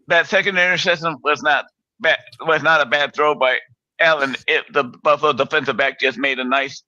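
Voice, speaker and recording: A man's voice: a little high, steady tone, normal speed, pushed and bright, dry recording. Blunt man on dull remote audio. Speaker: sports talk co-host. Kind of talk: casual sports chat.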